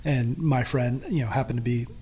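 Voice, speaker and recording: A man's voice: medium pitch, steady tone, a little fast, warm tone, slight background noise. A man in his late thirties, a golf coach, chatting casually and laughing easily in an interview.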